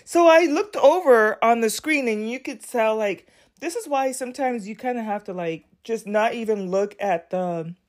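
A woman's voice: a little high, moderate pace. A woman hosting a casual solo podcast, talking candidly and bluntly in a rambling way, with many filler words. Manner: blunt and sassy. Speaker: podcast host.

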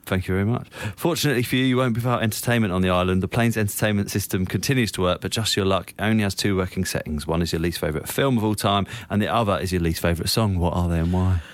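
A man's voice: low voice, very fast, hardly any pauses, no room sound. A man hosting a podcast in casual chat, asking questions and reading out prompts between short reactions. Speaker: podcast host.

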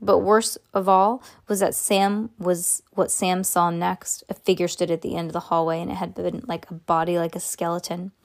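A woman's voice: on the low side, vocal fry. A woman reading a children's chapter book aloud, stumbling and correcting herself as she goes, and punching out the sound words. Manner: halting, self-correcting read-aloud with lively sound words. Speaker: reader.

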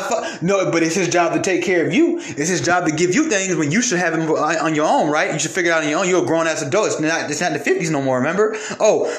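A man with a high voice delivers a heated, profane monologue as a podcast host. He hammers his points by repeating phrases and sounds openly angry. The room around him has a noticeable echo. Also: a bit bright.

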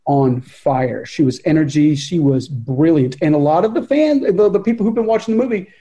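A man's voice: a little high, normal speed, breathy edge. A man, a film director, telling anecdotes from the shoot in a casual interview and quoting his own words. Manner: animated anecdote teller, quotes himself. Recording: dull lo-fi sound.

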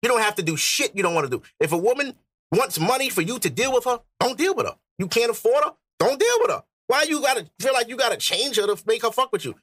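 A man's voice: extremely high pitch, big pitch swings, quick pace, a bit bright, dry recording, clean studio sound. A man hosting a podcast, arguing his point bluntly in casual, profane chat. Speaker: podcast host.

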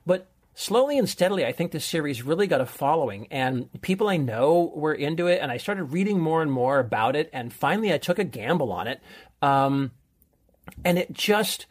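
A man's voice: fairly high pitch, lively intonation, moderate pace. A man hosting a chatty show, talking enthusiastically and laughing easily. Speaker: show host, reviewer. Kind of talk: casual chat.

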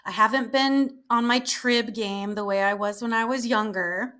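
A woman's voice: a little high, steady tone, moderate pace, sharp tone. A woman in her thirties chatting casually as an interview guest, swearing freely and laughing as she tells stories. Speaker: guest performer.

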